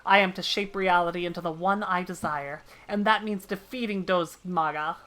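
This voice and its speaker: A woman's voice: on the low side, fairly even intonation, normal speed, a bit bright, lightly acted. A woman voicing a prim, scholarly female mage from a game, read in a formal, mock-British manner. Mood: earnest. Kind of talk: reading game dialogue aloud in a voice.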